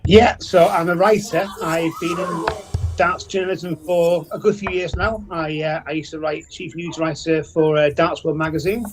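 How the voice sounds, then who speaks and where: A man with a notably high voice talks as a guest commentator on a live darts broadcast. He is chatty and loud, and he readily promotes his own writing. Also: fairly even intonation, moderate pace, over music, poor audio.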